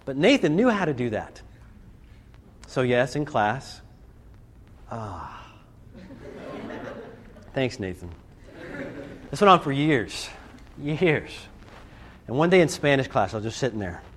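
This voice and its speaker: A man giving a storytelling talk to a student audience, animated and acting out scenes and voices. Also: medium pitch, measured pace, long pauses, husky. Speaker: speaker addressing students. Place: live talk to a group.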